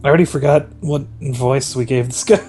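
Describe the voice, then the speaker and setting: A man's voice: mid-range voice, fairly quick, a little mellow, faint music behind. A man commenting casually during a game playthrough, musing and rambling. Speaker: let's-play co-host. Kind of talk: casual chat.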